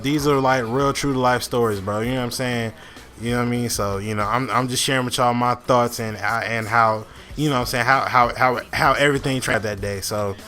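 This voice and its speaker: A man's voice: mid-range voice, a bit bright. A young man casually telling a long story over gameplay, rambling with lots of fillers, restarts and swearing. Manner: rambling, many fillers and restarts, frequent profanity. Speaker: gaming channel host.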